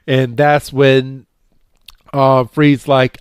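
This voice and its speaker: A man co-hosting a podcast, casually recapping a cartoon episode and acting out the characters' lines with a jumpier, higher voice, full of fillers and repeats. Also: unhurried, clear, resonant tone, dry recording, studio quality. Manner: animated retelling, acting out characters' lines with raised pitch; many fillers and repeated words. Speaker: podcast co-host.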